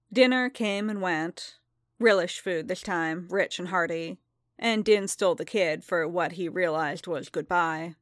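A woman narrating a story aloud in an even, calm reading voice. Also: on the low side, dry recording, clean studio sound. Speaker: reader.

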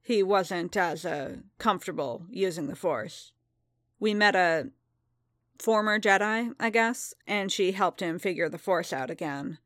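A woman voicing a reserved male bounty hunter in a storybook reading, speaking softly and steadily. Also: on the low side, measured pace, no echo, clean studio sound. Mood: quiet.

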